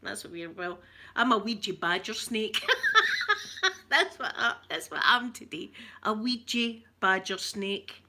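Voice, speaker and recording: Chatty Scottish woman, bright laughing voice. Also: mid-range voice, very animated, unhurried, long pauses. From Scotland. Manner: chatty, laughs often, jokes with viewers; broad, rough-edged local speech. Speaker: ASMR livestream host. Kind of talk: casual chat.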